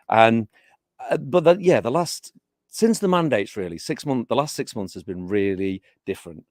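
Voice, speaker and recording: A middle-aged man talks casually in an interview, stopping and restarting his sentences often. His voice sits at an ordinary pitch. The sound is dry and close, with no room echo. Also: sing-song, a little fast, a little mellow. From England. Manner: hesitant, many restarts and fillers. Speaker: interviewee, teacher.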